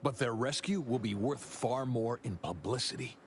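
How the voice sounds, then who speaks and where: A man's voice: mid-range voice, normal speed, slight background noise, close to an everyday voice. An actor playing a chatty, upbeat male corporate publicist in a video game.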